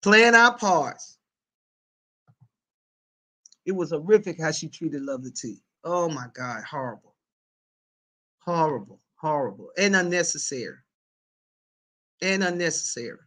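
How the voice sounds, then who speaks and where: Bright-voiced woman livestream host. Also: sits low, a little slow, long pauses, poor audio. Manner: animated, laughing, colloquial Southern-tinged speech with repetitions. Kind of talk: casual livestream chat reading viewer comments.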